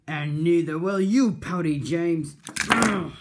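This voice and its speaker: A man voicing a boastful cloaked male villain who shouts taunts and threats. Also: fairly high pitch, slow, heavy background noise, voice pushed up. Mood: gloating.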